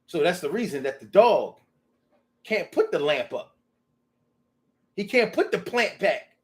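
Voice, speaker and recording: A man talking in a casual, rambling monologue, animated and profane, to his own audience. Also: high voice, a little slow. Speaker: vlogger.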